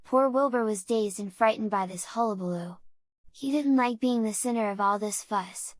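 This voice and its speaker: A woman narrating a children's audiobook in a measured, unhurried way. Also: medium pitch, no echo.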